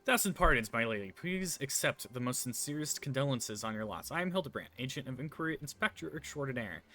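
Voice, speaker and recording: A man's voice: medium pitch, big pitch swings, quick pace, bright, forceful tone. A man voicing a pompous, theatrical self-styled male inspector.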